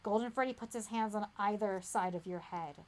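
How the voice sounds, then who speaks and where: A woman acting as game master, reading a gamebook aloud with dramatic suspense that drops to a hush. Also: medium pitch, fairly quick.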